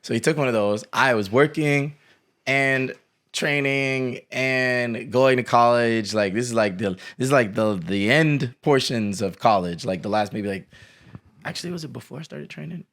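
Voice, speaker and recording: A young man hosting a podcast, telling animated stories in casual chat, acting out quotes and laughing often. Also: mid-range voice, normal speed. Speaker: podcast host.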